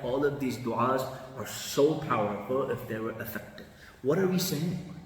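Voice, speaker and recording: A man, a mufti, giving a lively religious lesson, shifting his tone with the meaning and chanting Arabic passages quickly. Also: medium pitch. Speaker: mufti teaching Quran commentary. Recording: echoey hall from a distant mic.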